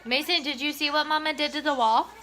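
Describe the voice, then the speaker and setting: A woman's voice: high voice, fairly even intonation, fast talker, fairly bright tone. A young woman vlogging at home, talking in a sing-song baby voice to her toddler and now and then to viewers. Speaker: vlogger and mother. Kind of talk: casual home vlog talk. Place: at home indoors. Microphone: phone camera.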